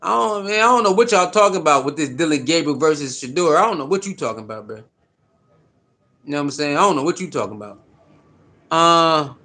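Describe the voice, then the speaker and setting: A man with a high-pitched voice talks fast and loose on a live stream, repeating himself for emphasis. His speech is slangy and animated, and he calls out to viewers in the chat as he talks sports. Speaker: sports livestream host. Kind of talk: casual livestream sports talk.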